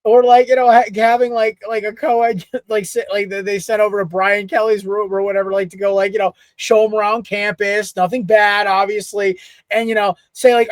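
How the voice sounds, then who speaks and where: High voiced dude guesting on a sports pod, giggly and rambly, dry close sound. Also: male voice, steady tone, fairly quick, dry recording. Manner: rambling, giggly, lots of fillers. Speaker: podcast guest. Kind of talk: casual sports talk.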